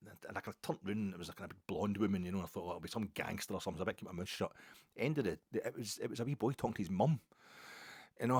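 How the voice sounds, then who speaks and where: A man's voice: low voice, a little mellow, breathy edge, no room sound, studio quality. A man with a Glaswegian Scottish accent, hosting a football podcast and telling rambling, self-mocking stories in casual chat. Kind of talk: casual monologue.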